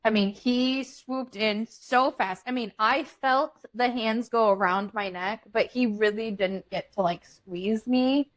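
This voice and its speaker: A young adult woman co-hosting a podcast, telling a wild story in casual chat, blunt and animated, swearing freely. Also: a little high, takes it slowly, few pauses. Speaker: podcast co-host.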